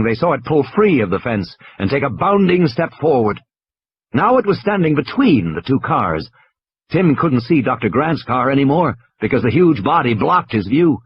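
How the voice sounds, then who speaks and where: Give me a man with a husky voice narrating an audiobook, animated and tense. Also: medium pitch, muffled recording. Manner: tense, dramatic, lively delivery. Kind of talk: dramatic audiobook reading.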